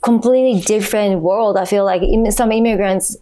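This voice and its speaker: A woman guest on a casual podcast speaks in a mid-pitched voice. Her phrasing is non-native and she talks frankly and with animation. She laughs often as she makes her points. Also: fairly even intonation, a little fast, mellow.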